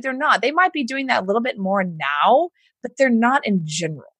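With a brisk, slightly rough voice on the high side and no echo on the recording, a Southern woman from Houston, Texas chats on a podcast. She's a business coach with a Southern American accent, an animated storyteller who acts out quoted voices in the casual conversation.

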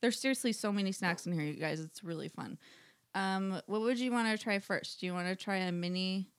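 A woman's voice: mid-range voice, brisk. A woman co-hosting a casual chat, talkative and giggly, with lots of fillers. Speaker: co-host.

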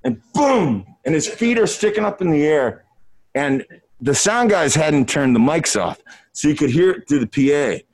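A middle-aged man tells a rambling tour story in front of a room. His voice sits a little high and swoops up and down with animation. He swears freely and laughs through his own anecdote. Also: sing-song, moderate pace, a little mellow. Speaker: musician telling a tour story.

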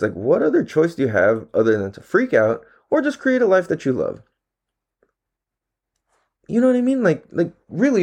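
A man's voice: a little high, dark tone. A man talking to the camera in a casual, rambling monologue, laid-back and full of profane slang, his throat a little dry. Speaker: vlogger.

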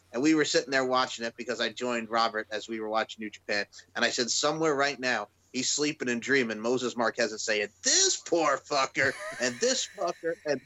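Man, bright voice, excitable, rambling, casual podcast chat. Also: medium pitch, low-quality recording. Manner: excitable, digressive, interrupts with "hold on". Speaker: podcast co-host.

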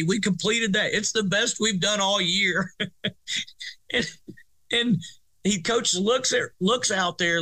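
A middle-aged man, a football coach telling a story in an interview with many restarts. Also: high voice. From Arkansas, USA. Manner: animated, rambling restarts, laughs through story. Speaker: high school football coach, guest.

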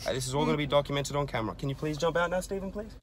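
A man's voice: on the high side, rapid-fire. A man recorded on his own phone video at a petrol station, firmly but politely telling a passenger to get out. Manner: firm, polite ultimatum. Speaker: driver in self-recorded video. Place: outdoors at a petrol station by a car. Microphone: phone camera.

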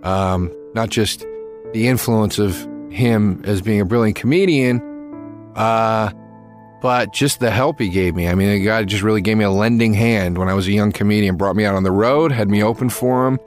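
A man giving a spoken tribute to a late friend, halting and full of fillers, livelier when he tells a story. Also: on the low side, soft background music.

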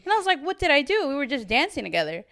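In a high-pitched, rapid-fire voice, a young woman co-hosting a podcast tells a story in casual chat. She's animated, acts out what people said, and swears a bit.

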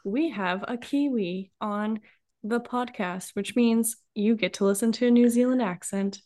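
A bubbly Canadian woman co-hosting a podcast, teasing her guest as she talks. Her voice sits a little high for a woman. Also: unhurried, warm tone. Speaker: podcast co-host. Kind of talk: casual chat.

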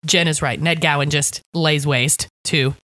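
A woman's voice: low-pitched, steady tone, unhurried, pushed and bright. A woman co-hosting a podcast in casual chat, recapping an episode with wry humor and laughter. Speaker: podcast co-host.

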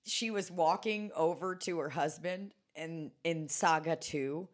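A woman's voice: deep voice, unhurried. A woman co-hosting a podcast in casual chat, laughing often and swearing freely. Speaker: podcast co-host. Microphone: studio microphone.

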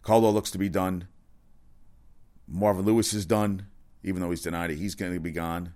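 A man giving a casual, rambling sports rant, excitable and profane, often correcting himself. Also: sits low, moderate pace. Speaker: sports commentator.

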